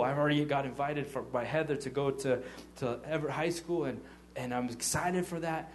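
A man giving an informal testimony sermon as a church leader, telling animated stories and acting out what people said, with frequent stammered restarts. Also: on the high side, a little fast, slight background noise. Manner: animated storytelling, acting out quotes.

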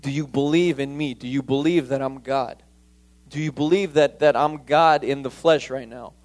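A man preaching a sermon voicing Jesus as a patient man who urges faith again and again in calm, insistent repetition. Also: medium pitch, normal speed, close to an everyday voice.

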